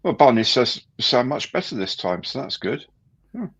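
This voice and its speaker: A man's voice: medium pitch, very animated, normal speed, fairly bright tone, breathy edge, highs cut off. A man hosting a casual live stream, chatting and greeting viewers by name.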